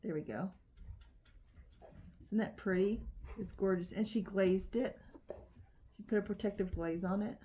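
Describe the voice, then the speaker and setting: A woman's voice: medium pitch, steady tone, measured pace, pauses often, dark tone, slight background noise. Woman, crochet vlogger, casual phone-camera unboxing chat, crinkling packaging behind her. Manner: chatty, frequent ums and restarts.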